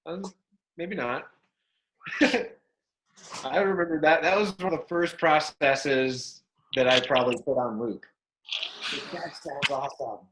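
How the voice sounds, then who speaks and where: A man's voice: a little high, slow, pauses often, noisy background. A man facilitating a live workshop class in a room, loose and playful, breaking into whoops. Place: room with an audience.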